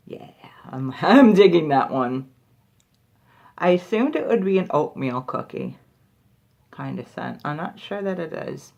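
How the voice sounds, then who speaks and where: A woman's voice: low-pitched, expressive, takes it slowly, long pauses, darkish tone. Chatty woman reviewing lip balms. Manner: chatty, many "like" fillers. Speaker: beauty product reviewer. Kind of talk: casual product review vlog.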